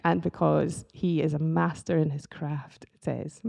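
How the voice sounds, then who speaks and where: A woman artist talking as a guest in a casual chat about faith and creativity, with a soft, gravelly voice. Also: low-pitched, little pitch movement, unhurried.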